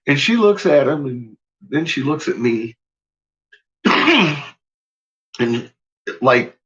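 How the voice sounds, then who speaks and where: A man's voice: mid-range voice, fairly bright tone, dull audio. A man casually telling a personal story, swearing freely and laughing often as he talks.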